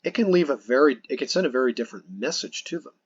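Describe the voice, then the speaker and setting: Podcast host guy, husky voice, kinda muffled lo-fi sound, earnest rambling explainer. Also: medium pitch, expressive, fast talker, dry recording. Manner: earnest, explanatory, with frequent restarts. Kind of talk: casual podcast conversation.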